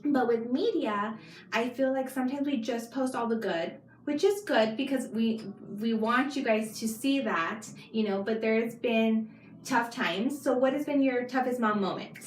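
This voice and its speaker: A woman's voice: on the high side, measured pace. A young adult woman hosting a podcast, chatty and encouraging, asking her guest questions. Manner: chatty, encouraging, uses filler like. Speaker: podcast host. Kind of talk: casual podcast interview. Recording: roomy, distant mic, faint hiss.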